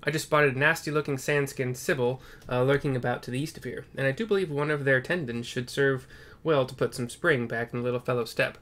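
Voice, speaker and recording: A man's voice: mid-range voice, steady tone, fairly quick, fairly bright tone, close to an everyday voice. A man voicing a genial middle-aged male adventurer and tinkerer for a game, with a hearty, folksy lilt. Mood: friendly.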